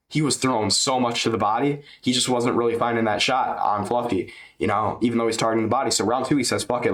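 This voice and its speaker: A man's voice: medium pitch, fairly bright tone. A man giving a loose, chatty fight recap on his channel, swearing and dropping man and dude, speaking into a webcam. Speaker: MMA YouTuber.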